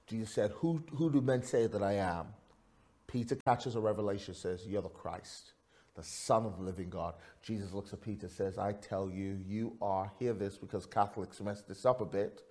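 A man preaching a sermon, swinging from quiet storytelling to loud, fervent peaks. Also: normal speed. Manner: preaching with big swings in pitch and loudness, rising to fervent peaks. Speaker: pastor.

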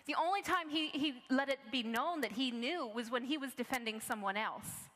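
A woman's voice: high voice, normal speed, a bit bright, long reverb tail. A woman preaching a sermon, telling stories earnestly and restarting her phrases often. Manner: earnest storytelling, many restarts.

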